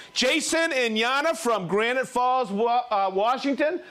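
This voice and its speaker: A man's voice: extremely high pitch, animated, unhurried, few pauses, a bit bright. A man hosting a live show, reading out viewers' names and hometowns in a jokey, upbeat way. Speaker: livestream host.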